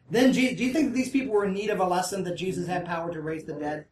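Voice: mid-range voice, fast, hardly any pauses. A Bible study teacher who reads scripture aloud, then breaks off to explain in a casual way and keeps checking in with the group. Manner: often checks in with listeners. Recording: roomy, distant mic.

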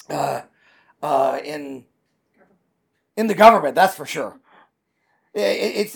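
A middle-aged man preaching a sermon, reading scripture aloud and commenting on it, stretching key words for emphasis, with hesitant fillers in between. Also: sits high.

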